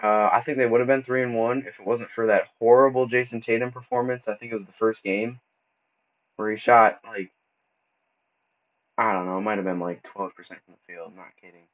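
A man hosting a casual solo podcast, talking loosely and stumbling over words as he goes, with relaxed slang. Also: lowish voice, a little fast. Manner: casual, stumbles and restarts often; laid-back slang like bro and dude. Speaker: podcast host. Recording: dull lo-fi recording.

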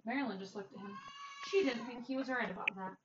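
A woman reading a children's picture book aloud in a gentle, expressive way. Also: on the high side, quick pace. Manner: gentle, expressive, varies loudness. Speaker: storyteller. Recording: distant dull mic, faint hiss.

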